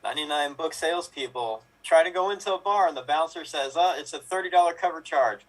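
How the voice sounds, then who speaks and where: A man's voice: fairly high pitch, quick pace. A man in an improv game telling run-on joke setups and punchlines. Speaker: improv performer. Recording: distant mic, faint noise.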